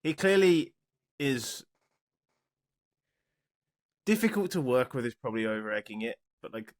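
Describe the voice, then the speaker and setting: A man's voice: medium pitch, very animated, unhurried. A man hosting a podcast in casual chat, with a dry, wry way of leading the talk. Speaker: podcast host.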